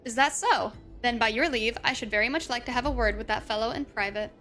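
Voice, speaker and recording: A woman's voice: fairly high pitch, fast, bright, forceful tone, faint music behind. A woman reading aloud as a male rogue investigator in a game, asking dry, sarcastic questions in formal wording. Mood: wry.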